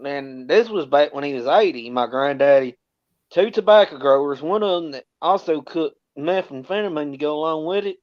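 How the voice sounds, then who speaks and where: A man's voice: a little high, normal speed. Rambling man on lo-fi audio.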